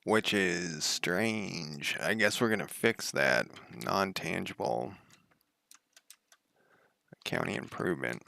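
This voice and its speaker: A man's voice: deep voice, expressive, slow pace, creaky, pauses often, pushed and bright, no echo. A young man casually thinking aloud while coding on a stream, muttering to himself with wry asides and the odd swear. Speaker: game developer streaming.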